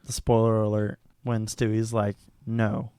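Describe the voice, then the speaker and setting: A young man hosts a casual podcast, talking in an excited rush and breaking into laughter as he swears freely. His voice is smooth and resonant, caught dry on a close mic. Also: medium pitch, moderate pace, dry recording. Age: young adult. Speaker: podcast host.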